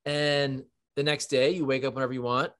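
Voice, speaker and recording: Relaxed conversational man, mid pitch. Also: fairly quick, smooth. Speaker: podcast co-host. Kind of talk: casual sports betting chat.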